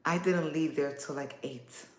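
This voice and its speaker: A woman in her thirties hosting a casual livestream, chatting warmly and answering viewer comments. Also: low voice, measured pace. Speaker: livestream host. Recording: echoey room.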